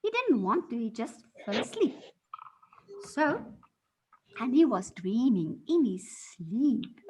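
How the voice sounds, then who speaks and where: High-voiced, slow-paced woman teacher. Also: slight background noise, low-quality recording. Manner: animated storyteller, gasps and acts out voices. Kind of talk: reading a story aloud to a class.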